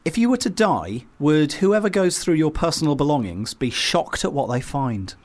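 Comedian co-host, bouncy up and down voice, jokey asides. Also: male voice, a little high, sing-song, moderate pace, a little mellow. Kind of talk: casual chat.

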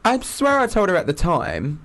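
A man's voice: high voice, wildly swooping pitch, normal speed, gravelly, a bit bright. A man co-hosting a podcast, teasing and prodding with a chatty, filler-heavy manner. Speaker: podcast co-host. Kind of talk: candid casual chat.

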